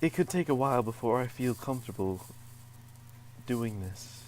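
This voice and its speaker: A man's voice: mid-range voice, expressive, normal speed, darkish tone, a little hiss or hum, rough recording. A man reading a game's dialogue aloud as co-host, dry and mock-wounded. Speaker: let's play co-host.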